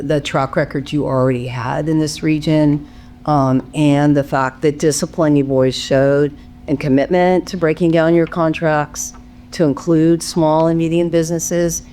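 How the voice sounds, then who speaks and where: Panel moderator, measured and hesitant with ums, slight room hiss. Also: mid-range voice, steady tone, darkish tone. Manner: measured, filler-heavy introductions.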